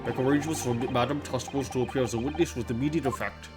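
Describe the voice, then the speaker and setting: A man voicing a stern older British court judge in formal, measured tones while reading game dialogue aloud, with game music behind. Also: mid-range voice, steady tone, natural voice.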